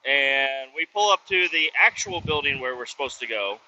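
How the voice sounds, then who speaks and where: Man, casual truck-cab storytelling, swears a lot, very bright tone, lo-fi sound with faint hiss. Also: medium pitch, moderate pace. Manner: profane, animated, acts out voices in quotes. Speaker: truck driver telling a work story. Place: inside a pickup truck with windows down.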